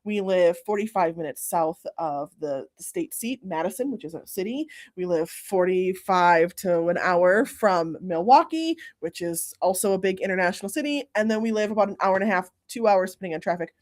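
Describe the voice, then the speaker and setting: A woman's voice: on the low side, expressive, darkish tone. A woman hosting a casual interview, talkative and friendly. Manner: friendly, talkative, quick agreements. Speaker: host.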